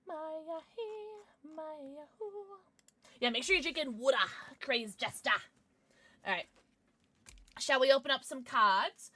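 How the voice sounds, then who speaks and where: A woman's voice: high voice, normal speed, long pauses, bright, forceful tone. A young adult woman streaming, chatting casually with viewers in a bubbly way, gasping and squealing as she reacts. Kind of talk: casual livestream chat.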